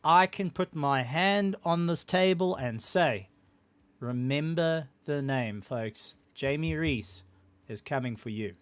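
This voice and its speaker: A man with a South African accent hosting a sim racing broadcast, interviewing drivers after a race and building up excitement. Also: a little high, slow pace, clean tone. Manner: hyped, building up excitement when introducing the winner.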